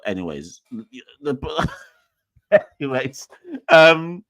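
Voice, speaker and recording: A man's voice: low voice, normal speed, a bit bright, dry recording. A young man, hosting a podcast and chatting in a rambling, jokey, self-mocking way. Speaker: podcast host. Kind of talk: casual solo sign-off chat.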